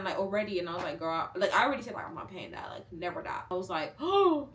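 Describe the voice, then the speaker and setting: A young woman vlogging a casual storytime, chatty and animated, full of fillers. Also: medium pitch, fast talker, few pauses, slight background noise.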